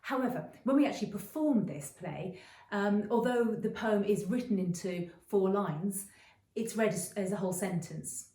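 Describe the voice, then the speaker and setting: A middle-aged woman teaching creative writing in a chatty, explanatory video lesson, often pausing with ums and restarting phrases. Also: mid-range voice, dark tone, distant mic. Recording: roomy echo, voice a bit off-mic.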